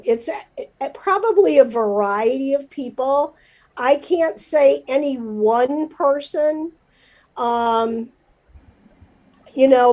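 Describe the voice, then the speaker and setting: A middle-aged woman publisher, chatty and emotional, talking in a livestreamed interview. Her voice is a bit high and mellow, with plenty of fillers. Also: low-quality recording. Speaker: newspaper publisher, guest.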